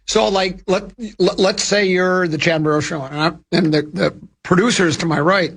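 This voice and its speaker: Older male radio host, high-ish gravelly voice, rambling anecdotal chatter. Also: fairly even intonation, normal speed, hardly any pauses, fairly bright tone. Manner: rambling, with many restarts and self-amused asides. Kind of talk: casual radio chat and storytelling.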